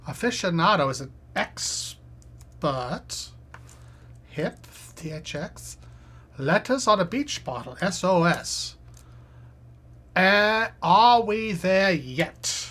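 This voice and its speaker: A woman solves a crossword on a live stream, reading each clue aloud and muttering her guesses. Her voice is low and husky. She talks slowly, but her pitch swings widely as she thinks. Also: a bit bright.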